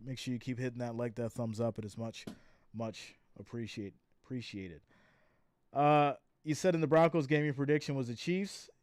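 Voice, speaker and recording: A man's voice: on the high side, darkish tone, clean tone, dry recording, clean studio sound. A tired man hosting a live stream, calling the plays and reading viewer comments aloud in a chatty, laughing way. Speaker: live stream host doing play-by-play. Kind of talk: casual live play-by-play and chat reading.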